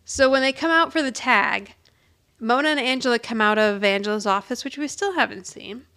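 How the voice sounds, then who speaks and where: A woman with a fairly high, gravelly voice retells a TV episode in casual podcast chat. She acts out each character's lines and laughs often as she goes. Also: a little fast, sharp tone. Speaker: podcast co-host.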